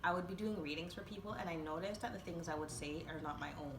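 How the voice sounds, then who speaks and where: In a lowish voice and at a fast clip, a young vlogger spins a rambling story from her own life for viewers, filling it with fillers and bursts of laughter. Background noise and roomy acoustics come through.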